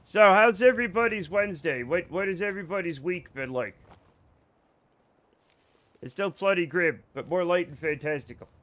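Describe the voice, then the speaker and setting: A man chats loosely with his live viewers while he plays a video game. His voice sits a little higher than most men's, and he rambles, jokes and swears without a second thought. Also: normal speed, pauses often, fairly bright tone. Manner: rambling, joking, swears freely. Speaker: streamer. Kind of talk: casual let's-play chat with viewers.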